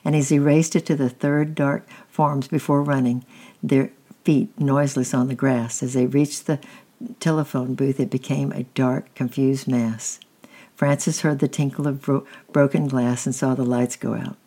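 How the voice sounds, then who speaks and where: A reader gently reading a children's chapter book aloud, with small slips and restarts. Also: medium pitch, level tone, normal speed. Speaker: storybook reader.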